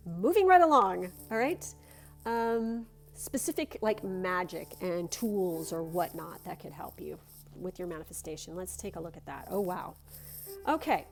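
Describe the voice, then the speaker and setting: Effusive woman giving a tarot reading. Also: medium pitch. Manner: gushing and encouraging, with casual swearing; switches between reading card text aloud and chatty asides. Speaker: tarot reader. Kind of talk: casual pick-a-card tarot reading.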